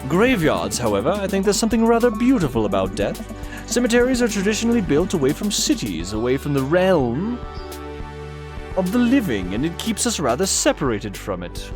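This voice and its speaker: A man's voice: sits high, huge pitch swings, a little fast, pitched above the performer's own voice. A man voicing a formal, melancholy gothic man from a dating game, with theatrical, old-fashioned diction, read aloud on a live stream. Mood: wistful. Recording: game music playing behind.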